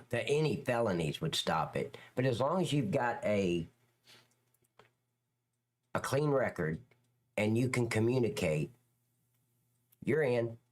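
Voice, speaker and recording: A middle-aged man, a former police officer, ranting bluntly and crudely as he chats with viewers on a livestream, his pitch swinging up and down. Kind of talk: casual livestream chat reacting to viewers.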